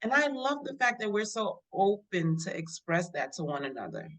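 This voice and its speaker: A woman's voice: mid-range voice, big pitch swings, moderate pace, a bit bright. A woman co-hosting a casual podcast over a video call, speaking in a heartfelt way with many "you know"s. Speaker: podcast co-host.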